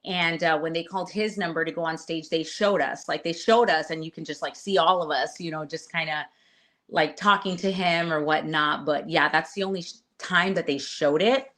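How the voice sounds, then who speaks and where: A woman guest on an interview, telling a story in a casual, animated way, acting out quotes and cursing. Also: low-pitched, normal speed. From Latina. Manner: animated, swearing, acts out quotes loudly. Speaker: reality show contestant guest.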